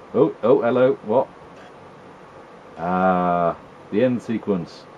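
A man's voice: medium pitch, lo-fi sound. A man giving wry, chatty commentary while playing an old video game, teasing the characters on screen. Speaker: retro gaming video host. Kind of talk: casual gameplay commentary.

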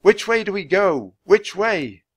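A man's voice: on the high side, lively intonation, a little slow, husky, no room sound, clean studio sound, pitched above the performer's own voice, exaggerated voice. A man voicing a nervous, careful young boy who cries out in alarm. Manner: anxious, yelling in alarm.

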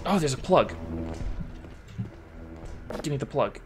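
A man's voice: mid-range voice, lively intonation, a little slow, long pauses, music in the background. A man casually commenting on his video game playthrough, joking and talking back to the characters on screen. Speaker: gaming channel host. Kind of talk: let's-play commentary.

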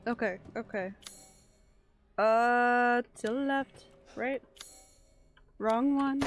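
A woman's voice: a little high, extremely slow, long pauses, a little hiss or hum. A woman streamer giving chatty live commentary while she plays, swearing and panicking in frantic bursts.

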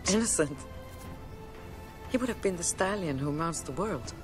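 A vengeful witch played by a woman speaks in a cold, accusing way. Her voice is slightly low, with music clearly behind. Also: expressive, normal speed, lightly acted. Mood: bitter. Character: vengeful female witch healer.

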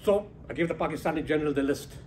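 A man giving a humorous motivational speech to a business audience, telling animated stories, acting out dialogue and laughing at his own jokes. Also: a little high, rapid-fire. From South Africa. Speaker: keynote speaker, humanitarian founder. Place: conference hall before a business audience.

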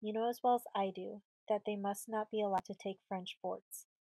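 A woman's voice: mid-range voice, fairly even intonation, moderate pace, dark tone, no echo, close to an everyday voice, rough recording. A woman voicing a brave teenage girl in command of a fort, speaking firmly and earnestly. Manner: firm, earnest.

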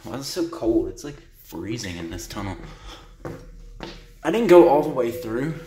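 Very animated and warm in tone, his mid-range voice runs at normal speed over slight background noise. The young paranormal vlogger rambles as he explores a cold outdoor tunnel, out of breath and easily startled by noises.

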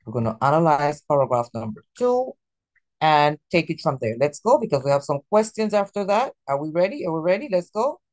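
A woman teaching a class, coaxing students and drilling pronunciation slowly. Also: low voice, big pitch swings, a little mellow. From Latin America. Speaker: Spanish teacher.

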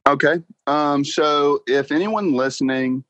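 A man's voice: a little high, no echo. Young man, casual interview guest, laughing storyteller, dry close sound. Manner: excited, laughs often, talks fast with "like" and "bro". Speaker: guest car salesman.

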